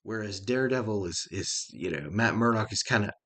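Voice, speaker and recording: A man's voice: fairly low pitch, lively intonation, fairly quick, fairly bright tone. A middle-aged man giving a casual, rambling spoken review of a show, folksy and chuckling often.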